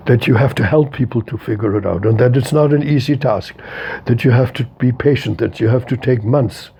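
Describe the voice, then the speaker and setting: Warm, gravelly and slightly rough, the mid-range voice of a man in his eighties moves a little fast. He is being interviewed as a philosopher, reflecting emphatically and repetitively with open emotion.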